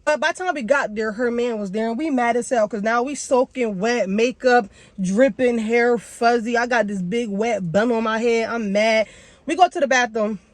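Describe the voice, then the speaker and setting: Young woman vlogger, highish voice, super animated slangy storytime, dry close sound. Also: normal speed, dry recording. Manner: animated slangy storytelling with big pitch jumps. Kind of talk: casual storytime.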